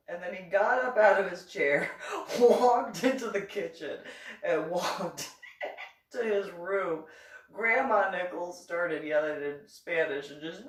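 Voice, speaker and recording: A woman's voice: medium pitch, measured pace. A woman telling a comic personal story, laughing often and acting out each person in it. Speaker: reverend and vlogger. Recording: roomy, distant mic.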